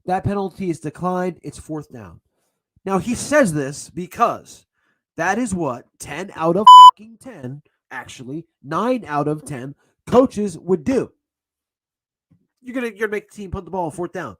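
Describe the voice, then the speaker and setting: A man ranting angrily as a football fan, swearing and bursting into shouts between sarcastic retellings. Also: sits high, very animated, unhurried. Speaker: sports vlogger. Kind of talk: angry fan rant.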